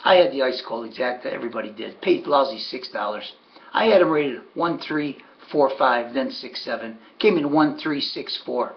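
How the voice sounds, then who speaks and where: A man's voice: mid-range voice, animated, moderate pace, dull audio. A man giving a casual, folksy recap of his race picks, sardonic and talking to himself about his bets. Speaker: harness racing handicapper.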